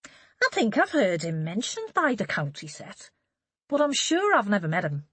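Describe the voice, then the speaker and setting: A woman's voice: medium pitch, wildly swooping pitch, normal speed, fairly bright tone, husky, dry recording, pitched above the performer's own voice, full character voice. A woman voicing a genial middle-aged man who gossips in a chatty, wry, knowing way, in an audiobook reading.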